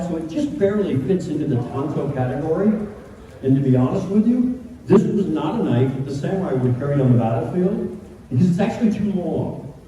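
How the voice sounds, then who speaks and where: A middle-aged man tells comic stories to a convention audience, his fairly high voice swooping up and down as he acts out the voices of the people in them. He is recorded from far out in the audience. The large hall adds a long echo, with a clear murmur of room noise underneath. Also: dark tone. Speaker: convention panelist. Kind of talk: comic storytelling to a crowd. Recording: echoey hall, distant mic, room noise.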